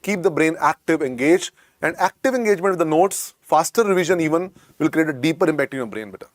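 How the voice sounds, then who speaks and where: A man's voice: on the high side, dry recording, studio quality. A man with an Indian English accent teaching a medical exam class, repeating key points and coaxing his students with the word beta. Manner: repetitive, coaxing, keeps calling students "beta". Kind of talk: lecture.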